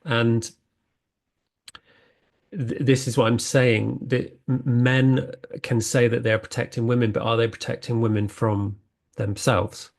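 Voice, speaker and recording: A gravelly male voice at medium pitch, with little movement in its pitch. He hosts a spiritual podcast, delivering an earnest, reflective monologue that keeps halting with fillers and restarts.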